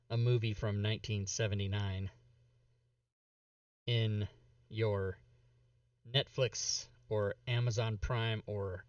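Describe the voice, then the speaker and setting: A man's voice: on the low side, dry recording, far from the mic, muffled recording. Chatty man a bit off mic. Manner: rambling, chatty. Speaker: player. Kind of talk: casual chat.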